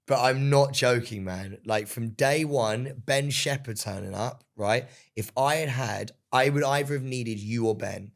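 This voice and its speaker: A young man, chatting casually as a podcast guest, telling an animated story and calling everyone "mate". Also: mid-range voice, a little slow, creaky. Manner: animated storytelling, swears, says "mate" a lot. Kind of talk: casual chat. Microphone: studio microphone.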